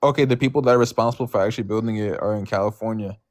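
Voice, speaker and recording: A man's voice: lowish voice, rapid-fire, no echo. Stammering, blunt man in debate. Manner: hesitant, stammering, blunt and profane. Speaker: panel guest. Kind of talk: political panel debate.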